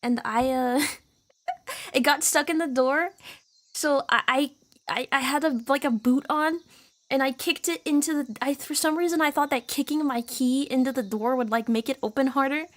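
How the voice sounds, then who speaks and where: A woman's voice: high voice, normal speed. A woman streamer chatting casually on a live stream, giggly, rambling and sweary.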